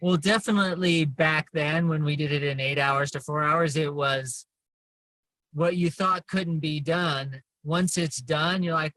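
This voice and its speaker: Bright-voiced older man telling stories. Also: on the high side, unhurried, no echo, poor audio. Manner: chatty, self-deprecating storytelling. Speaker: interviewee. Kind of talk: casual chat.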